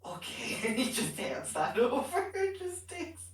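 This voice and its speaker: A woman's voice: high-pitched, big pitch swings, unhurried. A woman playing a tabletop game, chatting casually and animatedly, often laughing and repeating herself. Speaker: player. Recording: roomy, distant mic.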